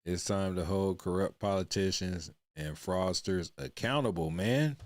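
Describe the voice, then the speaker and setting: A man's voice: deep voice, fairly even intonation, normal speed, over loud music. A man hosting a casual livestream, talking bluntly and profanely and tacking "man" onto nearly every phrase. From United States. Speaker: livestream reaction host.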